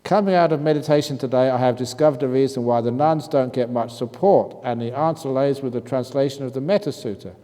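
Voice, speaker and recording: A man's voice: medium pitch, brisk, hardly any pauses, dark tone. A man, a Buddhist monk teacher, answers retreat questions in a humorous talk, reading written questions aloud and chuckling often. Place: retreat meditation hall. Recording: reverberant hall with faint noise.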